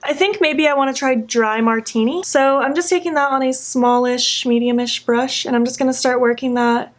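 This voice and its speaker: A woman's voice: high-pitched, fairly even intonation, moderate pace. A young woman chatting effusively to camera in a casual makeup vlog, gushing and chatty. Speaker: beauty vlogger.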